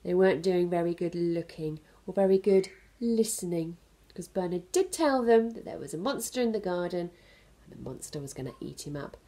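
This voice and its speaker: Woman storyteller for preschoolers, gentle, very expressive pitch. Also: fairly quick. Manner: gentle, animated and explanatory. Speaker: children's centre storyteller. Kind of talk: reading a picture book to young children.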